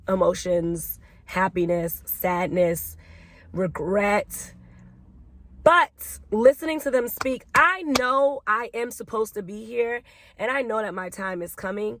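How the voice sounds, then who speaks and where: A woman's voice: mid-range voice, unhurried. Emotional young woman vlogging candidly. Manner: emotional, reflective, rambling. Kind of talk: candid personal vlog.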